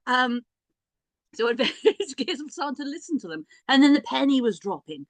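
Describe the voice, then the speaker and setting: A woman's voice: high-pitched, very animated, a little slow, no room sound. A middle-aged woman, a priestess and healer, telling a personal story in a chatty, self-mocking way with many restarts and asides.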